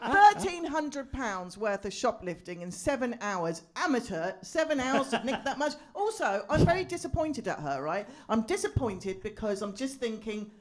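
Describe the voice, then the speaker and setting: A woman's voice: fairly high pitch, big pitch swings, moderate pace, hardly any pauses. A woman, a comedian on a live panel, brash and mock-indignant with punchy delivery.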